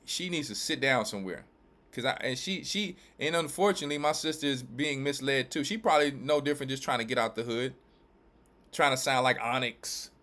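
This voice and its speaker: A man's voice: medium pitch, fairly bright tone. Emphatic preaching man from the South. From Louisiana and Texas, US. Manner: emphatic and repetitive, with quick restarts. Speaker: church elder and pastor. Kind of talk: preaching commentary.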